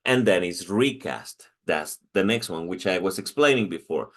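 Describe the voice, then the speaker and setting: The same kind of recorded lecture features a deep, fairly bright male voice with lively intonation and a moderate pace. He is a Spanish-first-language teacher with a Mexican accent who restarts often and keeps asking "okay?"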